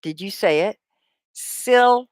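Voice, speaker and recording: Woman teaching English live, upbeat and encouraging, low-pitched voice, very unhurried delivery. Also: sing-song, dry recording, clean studio sound. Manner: slow, drawn-out word drills. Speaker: ESL teacher. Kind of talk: live-stream English lesson.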